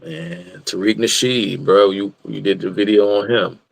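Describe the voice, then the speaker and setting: A man's voice: fairly low pitch, moderate pace, gravelly, poor audio. A man on a podcast as a guest, chatting animatedly with stammering restarts and mocking impressions. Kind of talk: casual chat.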